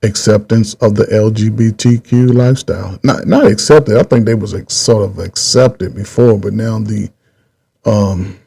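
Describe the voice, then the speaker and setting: A middle-aged man hosting his own channel, giving rambling casual commentary, repeating himself with drawn-out pauses. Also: on the low side, creaky, warm tone, slightly rough. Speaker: channel host.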